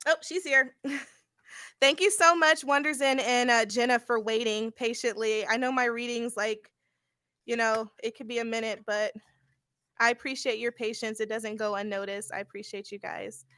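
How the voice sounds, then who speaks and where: A woman's voice: on the high side, fairly even intonation, normal speed, pushed and bright, dry recording. A young woman giving a casual live-stream tarot reading, blunt and laughing often, with occasional swearing. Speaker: tarot reader.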